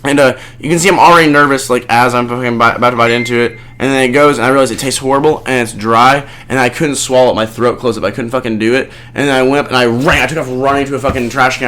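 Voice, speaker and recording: A man hosting a podcast, telling a rambling story in casual chat with lots of swearing and animated outbursts. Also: medium pitch. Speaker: podcast host.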